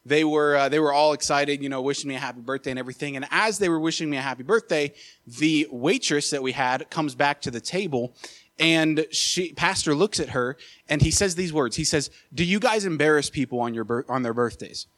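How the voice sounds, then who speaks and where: A young man preaching, telling a personal story in an animated way, with many filler uhs and repeated words. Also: fairly high pitch, a little fast. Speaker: associate pastor. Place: church sanctuary.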